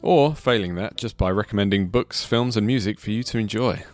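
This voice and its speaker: A man hosting a casual comedy podcast, jokey and quick to laugh. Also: fairly low pitch, no echo, faint music behind. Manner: jokey, laughs often, lively delivery. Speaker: podcast host. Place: small studio.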